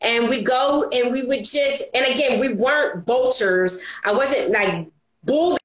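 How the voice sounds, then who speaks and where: Lively woman chatting bout her business, high voice, kinda echoey room. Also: measured pace. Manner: animated, acts out her own and others' quotes with laughs. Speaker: entrepreneur guest on a business talk show. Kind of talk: casual interview chat. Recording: roomy echo.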